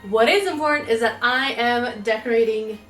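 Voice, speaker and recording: A woman's voice: a little high, moderate pace, fairly bright tone, recorded from a distance. A woman chatting casually to camera as a lifestyle vlogger, rambling with playful asides. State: out of breath. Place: room at home. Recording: echoey room from afar with faint music.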